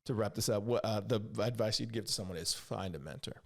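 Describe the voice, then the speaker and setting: A man's voice: fairly low pitch, fast. A man hosting a podcast, talking in a laid-back, matey way and calling his guest "dude" and "bud.". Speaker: podcast host. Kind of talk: casual interview chat.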